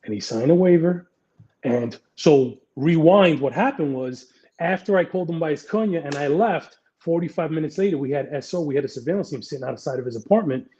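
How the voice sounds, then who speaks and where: A man's voice: on the high side, expressive, a little fast, dark tone, lo-fi sound. A middle-aged man, a retired police detective, telling blunt, profane anecdotes in a casual interview.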